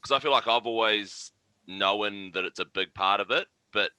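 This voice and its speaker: A man's voice: lowish voice, moderate pace, sharp tone, clear, resonant tone, no echo. A young New Zealand man co-hosting, asking hesitant, rambling questions in a casual interview. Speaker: co-host.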